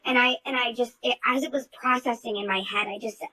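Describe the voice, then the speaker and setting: A woman's voice: on the high side, steady tone, a little fast, sharp tone, poor audio. A woman in casual group chat, telling a heated story in an outspoken, profane way with lots of fillers.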